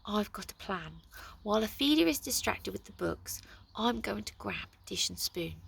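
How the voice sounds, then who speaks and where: A woman's voice: medium pitch, big pitch swings, moderate pace, creaky, breathy edge, full character voice. A woman voicing a determined young heroine in a storybook, urgent and pleading.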